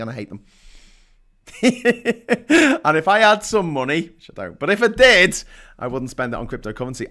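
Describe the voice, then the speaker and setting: His voice is fairly bright and on the high side as this Scouse-accented man from Liverpool hosts a live call-in chat stream. He reads news headlines and chats, slipping in sarcasm.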